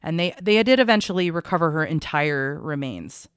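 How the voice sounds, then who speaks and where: A woman co-hosting a true crime podcast, recounting case details in a measured, conversational way. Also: low voice, expressive, clear, resonant tone, no room sound, studio quality.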